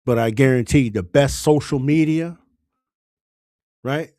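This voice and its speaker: A man's voice: medium pitch, unhurried, warm tone, no echo, studio quality. A man giving an impassioned political monologue as a commentator, exhorting listeners with fervent, urgent appeals.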